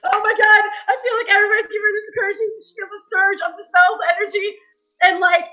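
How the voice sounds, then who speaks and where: A woman playing in a tabletop game, excitable and giggly as she narrates her character's actions. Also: extremely high pitch, quick pace, lo-fi sound. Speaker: player. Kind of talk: casual tabletop role-play.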